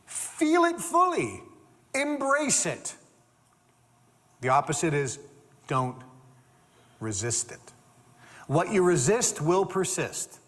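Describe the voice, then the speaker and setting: A man giving a motivational talk, emphatic and animated, repeating phrases for stress. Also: high-pitched, in a large hall. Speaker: motivational speaker.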